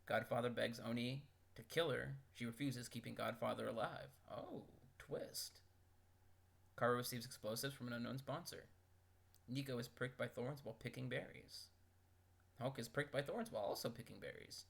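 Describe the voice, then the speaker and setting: A man's voice: mid-range voice, brisk, gravelly, fairly bright tone. A man reading out game events and making wry, joking comments between them, as a video host. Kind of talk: casual commentary.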